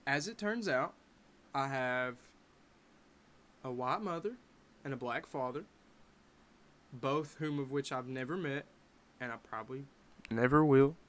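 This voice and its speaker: A young man in his bedroom telling a personal story to camera in a casual, animated way with wry asides. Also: medium pitch, measured pace, pauses often. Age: young adult. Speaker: vlogger.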